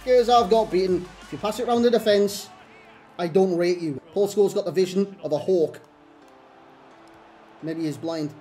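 A man's voice: high-pitched, moderate pace, mellow. Brief man in his thirties, gaming commentator, frustrated and sardonic, faint game music behind. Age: 30s. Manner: exasperated, self-mocking running rants. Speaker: gaming YouTuber. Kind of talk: live gameplay commentary.

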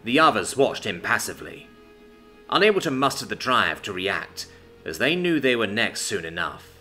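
A man giving a scripted, expressive dramatic reading of a fantasy story. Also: lowish voice, moderate pace, soft background music. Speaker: story narrator. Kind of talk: scripted narration.

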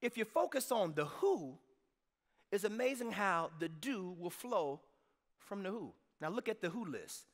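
A man preaching a sermon to his church in an energetic, conversational way, now and then rising to a shout. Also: high-pitched, unhurried, big-room sound. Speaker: pastor. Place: church sanctuary.

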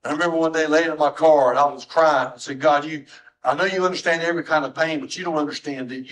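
A middle-aged man, preaching a sermon as pastor in a church, swinging from soft, low tones to high, strained cries. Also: fairly even intonation, quick pace, rough recording. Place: church sanctuary.

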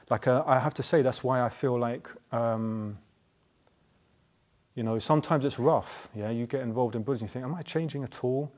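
A man's voice: lowish voice, a little mellow. A man in his forties casually telling personal stories in a chatty, rambling way, often tagging his points with a questioning "yeah?". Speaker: Buddhist practitioner.

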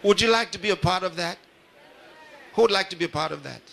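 A man's voice: high voice, fast talker, vocal fry, fairly bright tone, a little hiss or hum. A pastor addressing a live audience at a ceremony, repeating his phrases and putting questions straight to the crowd. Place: large ceremony hall.

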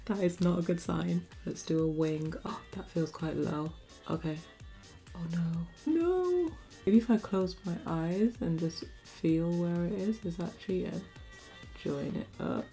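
A young woman with a slightly low voice and a gravelly, creaky texture chats her way through a makeup tutorial. She is giggly and talkative, close to the camera mic, with soft music playing underneath. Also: a little slow. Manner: giggly, chatty, often bursting into laughter. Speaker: beauty vlogger. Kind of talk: casual makeup tutorial chat.

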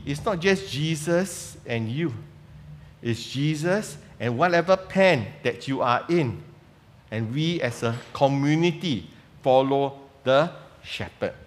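A man preaching a conversational sermon in church, asking many rhetorical questions. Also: on the high side. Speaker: pastor. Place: church sanctuary. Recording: long reverb of a church hall.

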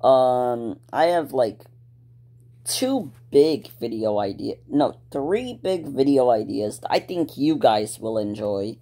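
A man's voice: medium pitch, lively intonation, slow pace, dark tone. A male YouTuber talking casually to his viewers, rambling with lots of ums, restarts and laid-back slang. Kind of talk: casual talk to camera.

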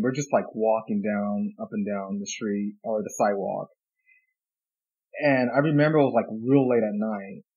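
Laid-back male host, dull lo-fi sound. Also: mid-range voice. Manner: relaxed, quick backchannels and laughs. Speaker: interview host. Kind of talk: casual interview chat.

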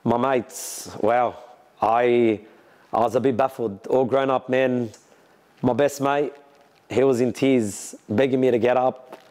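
A man's voice: mid-range voice, slow pace. An Australian man who builds and races cars, telling the emotional story of his crash in bursts and acting out what others said. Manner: emotional, talks in bursts, lively quoting of others. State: sore after a crash. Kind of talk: candid storytelling to camera.

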